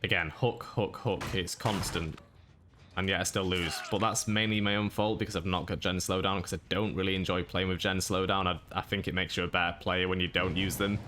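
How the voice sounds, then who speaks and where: Low, bright-toned monotone man. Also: quick pace, hardly any pauses, a little hiss or hum. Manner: monotone delivery. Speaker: gaming YouTuber. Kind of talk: gameplay commentary voice-over.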